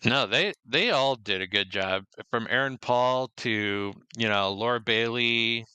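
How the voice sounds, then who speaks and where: A man hosting a gaming podcast in casual chat, relaxed and moving things along. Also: medium pitch, a little slow, smooth, dry recording. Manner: relaxed, moves the show along. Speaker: podcast host.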